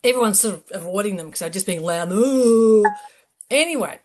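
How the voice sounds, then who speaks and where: A middle-aged woman in a band, telling a story in an animated, salty way with lots of laughing. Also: mid-range voice, normal speed, a little hiss or hum. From Australia. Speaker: band member. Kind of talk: casual interview storytelling.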